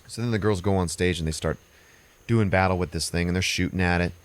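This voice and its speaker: A man's voice: sits low, fast. A man hosting a podcast, recapping a movie plot in a loose, rambling, casual way with some swearing. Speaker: podcast host.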